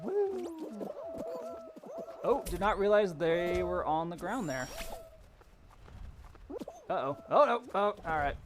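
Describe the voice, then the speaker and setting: Young man, live streamer, laughs a lot, slightly high voice, faint room hum. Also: lively intonation, a little slow, long pauses. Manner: chatty storyteller, laughs often, sudden exclamations at the game. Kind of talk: casual live-stream chat while gaming.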